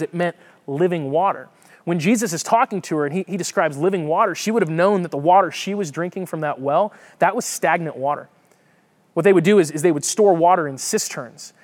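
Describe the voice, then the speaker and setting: Man, fairly high voice, conversational sermon, lively, restarts words. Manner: lively, conversational, repeats words while thinking. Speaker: pastor. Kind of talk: sermon with Bible reading.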